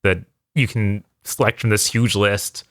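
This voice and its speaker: A man chatting as a podcast co-host, halting and full of fillers and restarts. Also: fairly low pitch, little pitch movement, a bit bright, no echo, studio quality. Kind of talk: casual chat.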